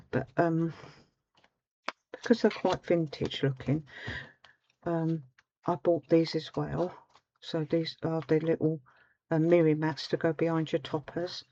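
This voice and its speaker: A woman talks slowly through a craft demonstration, rambling with frequent ums. Her voice is soft and mellow. The recording sounds a little muffled, with a faint background hiss. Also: on the low side. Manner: chatty, rambling, with many ums. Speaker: craft tutorial host. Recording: slightly dull home recording.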